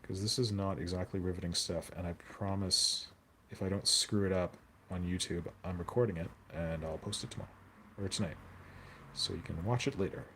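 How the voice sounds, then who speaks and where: Deep-voiced and brisk, this man keeps his intonation fairly even, with a slightly bright tone and a little background noise. He chats casually on a hobby stream, wandering between topics, joking, and responding out loud to viewer chat.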